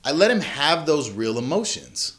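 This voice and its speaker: A man's voice: on the high side, big pitch swings, normal speed, fairly bright tone. A man in his thirties, a father and vlog host, telling an earnest, candid personal story about his sons. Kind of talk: reflective personal story to camera.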